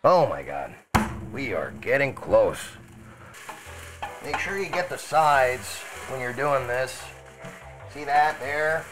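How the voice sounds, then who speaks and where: A man's voice: medium pitch, very animated, slow, pauses often, a bit bright, faint music behind, rough recording. Columbo, as a man puts him on while cooking. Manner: rambling, muttering asides to himself. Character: rumpled Italian male TV detective, mild and rambling. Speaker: streamer cooking chili in character. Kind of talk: live cooking stream, in character.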